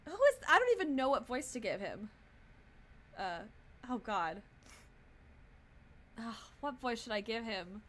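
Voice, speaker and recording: A young woman streamer giving casual, profane, excitable commentary while playing a game, often laughing and shouting. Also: fairly high pitch, a little slow, long pauses. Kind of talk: casual let's-play commentary. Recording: game music playing behind.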